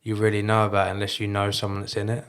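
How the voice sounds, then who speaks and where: A man co-hosting a casual podcast, speaking in a measured, thoughtful way. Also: lowish voice, completely flat delivery, fairly bright tone. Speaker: podcast co-host. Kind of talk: casual chat.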